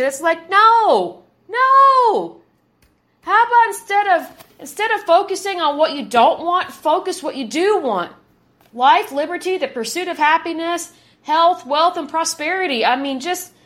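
A woman's voice: sits high, a bit bright. A woman in her thirties hosting a podcast, giving an indignant, emphatic commentary and repeating words for force. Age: 30s. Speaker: podcast host. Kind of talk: opinionated commentary monologue.

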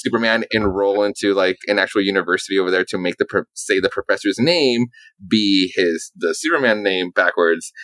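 A man's voice: lowish voice, sharp tone, no echo, low-quality recording. A man in casual chat, rambling through comic book stories with lots of fillers and swearing.

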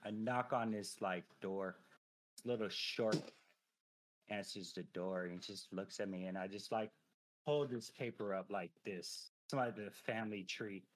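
A man in his thirties, a veteran guest on a podcast, telling a personal story in casual chat, profane and animated, full of filler phrases. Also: fairly low pitch, moderate pace, a little hiss or hum.

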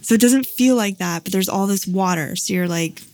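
A woman chatting casually as she tells a personal story, full of fillers and quick laughs, acting out the voices of the people in it. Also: mid-range voice, a little mellow, no room sound.

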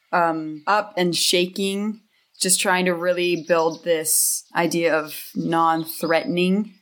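A woman playing a tabletop game, thoughtfully describing her character's actions. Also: on the low side. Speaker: player. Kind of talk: casual chat.

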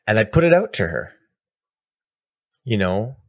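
A man co-hosting a podcast in casual chat, excitable and rambling, often laughing and restarting his sentences. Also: on the low side, unhurried, dry recording, studio quality. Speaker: podcast co-host.

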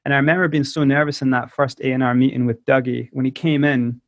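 Scottish man telling animated stories. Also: mid-range voice, quick pace, no echo, dull audio. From South Africa. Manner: animated storyteller who acts out quoted voices. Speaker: musician guest. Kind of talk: casual interview storytelling.

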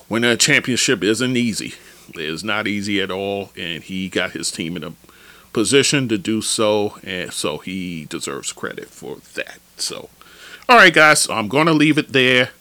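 A man hosts his own basketball podcast, talking in a lively, slangy, opinionated rant. His fairly low voice has a bright, forceful edge. It sits close and dry on the mic. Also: no room sound. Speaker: podcast host.

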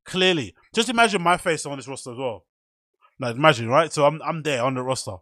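Chatty podcast host, dry sound. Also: male voice, on the high side, expressive, fast, bright, forceful tone, no echo. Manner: chatty, joking, self-mocking. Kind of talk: casual solo commentary.

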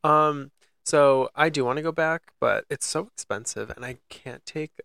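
A young man co-hosts a podcast, chatting casually and telling rambling stories packed with fillers. His voice is on the high side and gravelly, at normal speed. There's noise in the background.

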